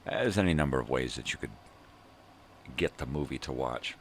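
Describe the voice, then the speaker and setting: An older man from Southern California, hosting a rambling morning video monologue in a profane, ranting way with drawn-out fillers. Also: a bass voice, expressive, a little hiss or hum. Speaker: vlog host.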